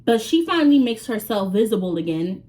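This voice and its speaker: A woman vlogger tells a story to her viewers in a casual, slangy way with plenty of swearing. Her voice sits slightly high and swings widely as she acts out every scene. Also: very animated, brisk, mellow.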